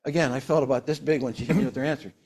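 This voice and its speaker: A man in his sixties, hosting a casual company sales broadcast, talking in animated, quick storytelling bursts. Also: medium pitch, breathy edge.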